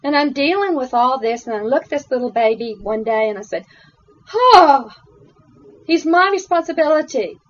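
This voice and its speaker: A woman's voice: fairly high pitch, fast talker, hardly any pauses. A woman giving earnest, emotional personal testimony in an interview. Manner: emotional, earnest storytelling, rising intensity. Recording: dull lo-fi recording.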